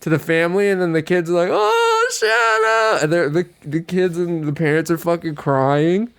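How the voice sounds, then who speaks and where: A man co-hosting a podcast in casual chat, telling stories with lively quoted voices. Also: fairly quick, clear, resonant tone. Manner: animated storytelling, acts out quotes with big pitch jumps. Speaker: podcast co-host.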